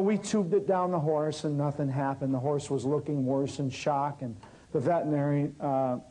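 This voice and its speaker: A man telling a lively story about his work as an herbal healer, acting out the people he quotes. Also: high voice, poor audio. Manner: animated storyteller, acts out quotes. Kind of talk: storytelling talk.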